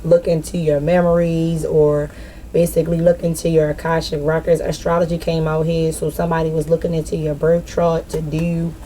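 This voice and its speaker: Female tarot reader, low dark voice, casual rambling delivery with lots of swearing. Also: little pitch movement, moderate pace, slight background noise. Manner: loose, rambling, swears freely, talks straight to the viewer. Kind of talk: spiritual tarot reading, casual and profane.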